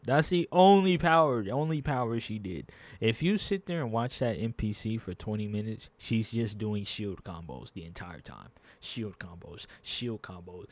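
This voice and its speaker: A man rants casually to his viewers, exasperated, circling back to the same complaints in loose slang. His voice sits at an ordinary middle pitch. The sound is close and dry, with no room echo. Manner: exasperated, repetitive, slangy ranting. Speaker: gaming YouTuber. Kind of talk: casual gaming commentary rant.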